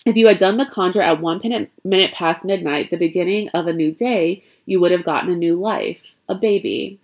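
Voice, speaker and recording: A woman playing a calm old conjure woman. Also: fairly low pitch, fairly quick. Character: patient older conjure woman, gardener.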